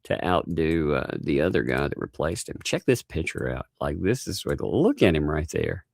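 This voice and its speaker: Gravelly, mocking man on a live stream. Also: sing-song, moderate pace, darkish tone, no room sound, studio quality. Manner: mocking, laughs often, mimics people in high voices. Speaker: channel host. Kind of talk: casual live-stream chat.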